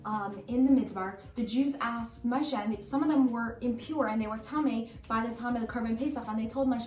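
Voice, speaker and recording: Casual, chatty woman storyteller, high-voiced; echoey room. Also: a little fast, hardly any pauses. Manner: casual, lively, chatty retelling. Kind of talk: storytelling with a lesson. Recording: roomy echo, distant mic, faint music.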